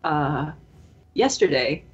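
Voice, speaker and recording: A young woman in her early twenties with a hoarse, strained voice, co-hosting a podcast and telling a long, rambling story with lots of fillers. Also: low-pitched, animated, slow, muffled recording. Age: early 20s. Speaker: podcast co-host. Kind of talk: casual podcast chat.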